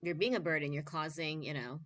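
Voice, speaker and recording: A woman's voice: low-pitched, a little fast, fairly bright tone. A woman interviewer in a casual conversation, agreeing supportively.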